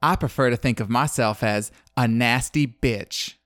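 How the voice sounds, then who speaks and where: A man imitating a boozy, catty Southern woman with a thick Southern drawl, speaking slowly and with sugary snideness. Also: medium pitch, fairly bright tone, no echo, clean studio sound, natural voice. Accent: American Southern, imitated.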